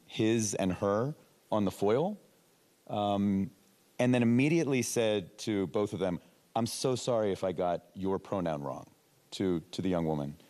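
A male journalist speaks in a low voice on a panel, often halting and repeating words as he works through a story. His voice carries a long reverb, as if in a large hall. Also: a little mellow. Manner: halting, with many restarts. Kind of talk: panel discussion.

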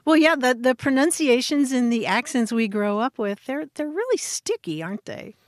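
A woman's voice: high-pitched, very animated, normal speed, dry recording, clean studio sound. A woman co-hosting a radio show about language, chatting casually and laughing often. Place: radio studio.

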